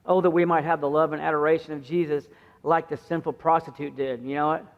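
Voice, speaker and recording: A man's voice: on the high side, flat delivery, quick pace. A middle-aged man preaching a sermon as pastor in a conversational way, acting out the voices he quotes. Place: church sanctuary. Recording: muffled church sound with long reverb.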